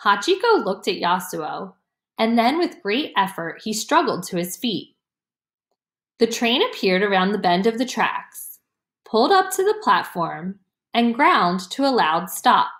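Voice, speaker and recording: A woman reading a children's chapter book aloud in a gentle, expressive storytelling voice. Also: medium pitch, unhurried. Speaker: audiobook reader. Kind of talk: slow storybook narration. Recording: roomy echo.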